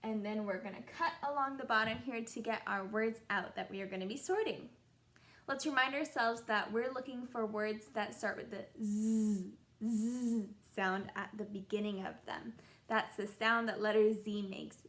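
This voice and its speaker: A young woman teaching a children's phonics lesson, sounding out letters in a slow, encouraging sing-song way. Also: medium pitch, fairly even intonation, fairly bright tone. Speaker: kindergarten teacher.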